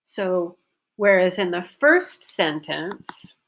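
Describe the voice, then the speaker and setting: Female teacher, slow and deliberate delivery, models stressed words clearly for practice. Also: fairly low pitch, sing-song. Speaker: pronunciation teacher. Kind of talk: recorded online lesson.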